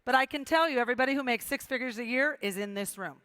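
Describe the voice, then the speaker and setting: A middle-aged woman with a high voice gives an emphatic motivational speech to a live audience. She repeats key phrases for effect and acts out quoted dialogue as she tells her story. The sound is dry and close, with little room echo. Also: fast talker, sharp tone, clean tone. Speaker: motivational speaker.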